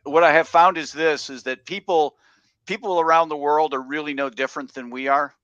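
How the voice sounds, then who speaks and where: A man talks as a guest on a video call in a relaxed, rambling way. His voice is bright and forceful. The audio sounds slightly dull and dry. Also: a little high, brisk, no echo. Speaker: business coach guest. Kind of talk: casual interview.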